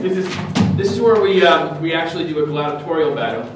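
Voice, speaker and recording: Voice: medium pitch, lively intonation, fast, loud music behind the voice. A contestant on a live convention panel quiz, talking theatrically. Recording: echoey hall from far off, noisy.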